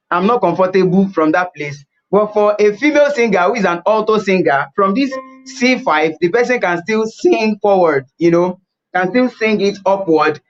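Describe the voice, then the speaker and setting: Man teaching voice lessons, high voice, repeats himself, dull lo-fi audio. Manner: repeats key points, demonstrates at the piano. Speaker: vocal coach. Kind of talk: teaching a music webinar.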